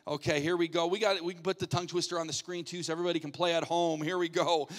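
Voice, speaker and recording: A man pastor runs a light game from the stage, teasing and coaxing volunteers with quick asides. His voice sits a little high. The sound carries the long reverb of a church sanctuary. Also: steady tone. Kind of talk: playful audience hosting from the stage.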